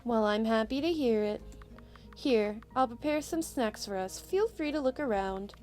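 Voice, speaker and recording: A woman reading as a gentle, lonely witch in a cozy game, her voice soft, tender and a touch high. She speaks warmly and wistfully, with light game music behind. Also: expressive, normal speed, close to an everyday voice. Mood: welcoming.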